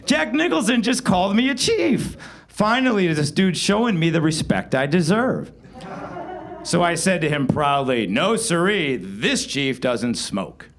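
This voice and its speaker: Male storyteller, wry and animated, voice swings widely with bursts of loudness. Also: fairly high pitch, gravelly. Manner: wry, animated delivery with sudden loud outbursts. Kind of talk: live comedic storytelling. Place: live show venue.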